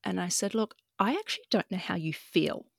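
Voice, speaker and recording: A woman's voice: lowish voice, a little fast, vocal fry, no room sound, studio quality. A young woman tells her personal story as a podcast guest, frank and emotional and swearing casually.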